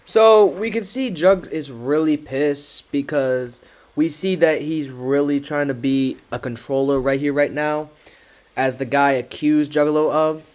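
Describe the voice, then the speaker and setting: A man's voice: on the high side, measured pace, darkish tone. A man giving casual commentary, reading out text messages in a sarcastic, mocking way. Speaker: commentary creator.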